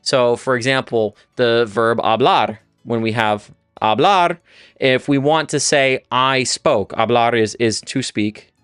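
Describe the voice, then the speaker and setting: A man's voice: medium pitch, takes it slowly, a bit bright, clear, resonant tone, no echo, studio quality, faint music behind. A man who is a native English speaker, teaching Spanish on a casual livestream, rambling and often restarting his sentences. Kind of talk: livestream lesson.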